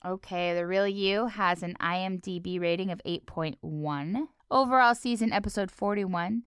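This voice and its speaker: A woman's voice: medium pitch, normal speed, fairly bright tone, clean tone, no room sound, clean studio sound. A young woman co-hosting a casual podcast, recapping a cartoon episode with lots of laughter and silly joke voices. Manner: giggly, playful, does silly voices. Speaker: podcast co-host.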